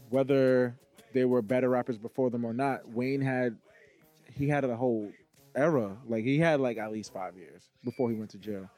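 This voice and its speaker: A man's voice: medium pitch, dark tone. A man in casual chat, blunt and teasing, arguing back hard.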